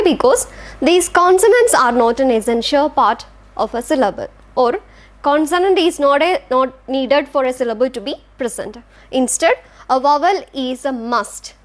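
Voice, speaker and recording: A woman with a high voice and an Indian English accent gives a recorded English lecture. She explains patiently, sounding out example words syllable by syllable. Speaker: English teacher. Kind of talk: classroom lecture.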